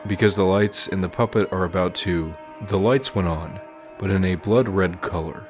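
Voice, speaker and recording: A man reading out a fan horror story in a mock-dramatic, deadpan way. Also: deep voice. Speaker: narrator.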